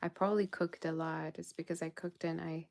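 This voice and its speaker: Casting: tired woman host, low flat gravelly voice, soft-spoken and affectionate, slips into whispers, late-night livestream chat. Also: a little fast. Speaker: tarot reader hosting a livestream. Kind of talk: casual livestream sign-off chat.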